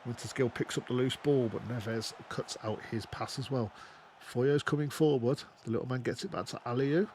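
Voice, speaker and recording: Brief: young man, mid-pitched, excitable gaming commentator with an expressive, sweary delivery. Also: moderate pace, a little hiss or hum. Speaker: gaming YouTuber. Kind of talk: casual let's-play commentary.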